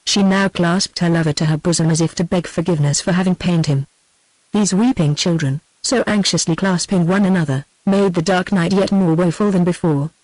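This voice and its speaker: A synthetic woman's voice with a British accent reading a novel aloud at a steady, even pace. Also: fairly low pitch, a little fast, no room sound, low-quality recording. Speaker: audiobook narrator. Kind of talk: text-to-speech novel reading.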